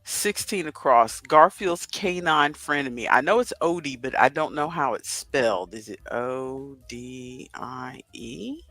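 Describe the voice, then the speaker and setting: A man's voice: mid-range voice, expressive, unhurried, few pauses, sharp tone, no room sound, faint music behind. A man in his fifties hosting a casual livestream, chatting to viewers and thinking aloud as he works through a crossword. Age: 50s. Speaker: livestream host. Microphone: headset with headphones.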